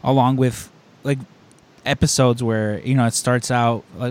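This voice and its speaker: Male host, rambling casual storyteller, filler-heavy, mid pitch. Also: normal speed. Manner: animated storyteller. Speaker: podcast host. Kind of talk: casual chat.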